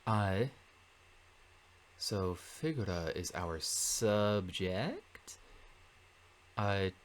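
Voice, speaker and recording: A man working through a Latin translation in a relaxed lesson, thinking aloud with many fillers and self-corrections. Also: low voice, extremely slow, a little hiss or hum. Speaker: Latin tutor. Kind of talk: casual translation walkthrough.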